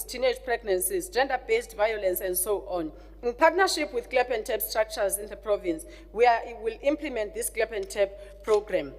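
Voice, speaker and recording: A woman, a government official, reading a formal budget speech to a legislature in a measured way, with some hesitations over names. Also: fairly high pitch. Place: legislature chamber. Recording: long reverb of a large chamber.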